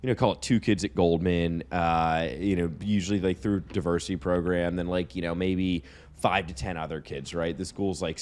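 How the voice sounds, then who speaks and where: A man co-hosting a podcast, telling stories casually with lots of profanity and animated asides. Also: sits low. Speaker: podcast co-host. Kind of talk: casual chat.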